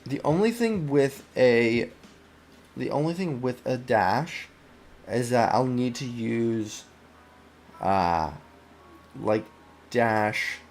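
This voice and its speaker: A man who is an indie game developer, rambling casually on a live stream. He uses lots of fillers, breaks off mid-sentence and keeps talking to himself, and his voice sounds worn and low. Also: lively intonation, takes it slowly, long pauses, soft background music. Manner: rambling, full of fillers and self-interruptions; easily sidetracked, talks to himself. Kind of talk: casual live-stream chat while working.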